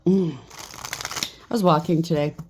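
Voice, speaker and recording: A woman's voice: low-pitched, steady tone, slow pace, darkish tone, slight background noise. A woman giving a solo collective tarot reading, chatty and blunt, swearing freely. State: slightly out of breath. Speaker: tarot reader.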